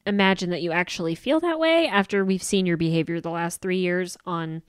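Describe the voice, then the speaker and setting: A woman's voice: on the low side, fairly quick, clean tone, no echo, studio quality. A woman co-hosting a casual podcast, giving frank opinions with casual swearing. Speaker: podcast co-host. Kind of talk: casual recap chat.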